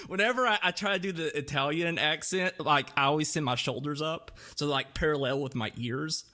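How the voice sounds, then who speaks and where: A man's voice: on the high side, fairly quick, hardly any pauses, sharp tone. A man hosting a movie review podcast in casual, jokey, self-deprecating chat. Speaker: podcast host.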